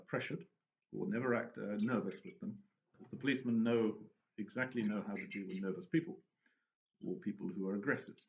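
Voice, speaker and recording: A man telling anecdotes and giving advice in a relaxed, casual monologue, often restarting his sentences. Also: on the low side, creaky. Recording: dull lo-fi recording with faint noise.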